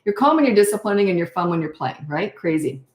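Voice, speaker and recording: An older woman coaching parents in a blunt, animated way, answering questions and acting out how to talk. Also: on the low side, quick pace, roomy sound. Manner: blunt, animated, acts out parent and child voices.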